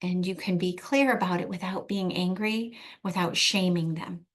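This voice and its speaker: Middle-aged woman, lower register, earnest and emphatic advice-giver who slows down for stress. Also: steady tone. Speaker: therapist. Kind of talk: direct-to-camera advice talk.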